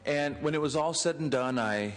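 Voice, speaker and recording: A fairly high-pitched man speaks at a normal speed, a state senator paying tribute on the floor through anecdotes whose dialogue he acts out, chuckling along. Slight background noise sits under the long reverb and faint ambience of the legislative chamber.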